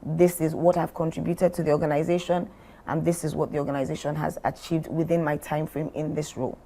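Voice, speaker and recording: A middle-aged woman from Nigeria, a former company chief, speaking deliberately as a guest in a podcast interview. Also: low voice, little pitch movement, warm tone. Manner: measured, deliberate, role-plays what she would say.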